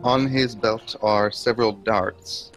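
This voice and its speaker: A man, a player in a tabletop game, slowly describing his character. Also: lowish voice, steady tone, fairly bright tone, faint music behind. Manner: slow, deliberate description.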